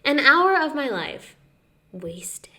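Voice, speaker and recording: A woman's voice: high voice, slow pace. A young woman co-hosting a casual podcast, telling a long story and acting out what each person said, with "like" in nearly every line. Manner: animated storyteller who acts out quotes, says "like" often. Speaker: podcast co-host.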